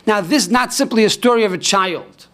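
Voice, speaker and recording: A rabbi delivers a sermon. He tells a story at a storyteller's pace, rising to ringing cries and slowing down for the solemn lines. He sounds middle-aged. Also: high voice, a bit bright. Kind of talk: sermon on the weekly Torah portion.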